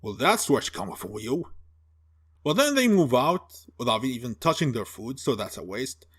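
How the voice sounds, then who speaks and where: A man's voice: mid-range voice, sing-song, moderate pace, husky. A man giving a sarcastic, profane film review rant, mocking and exasperated as he picks apart the plot. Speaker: movie reviewer.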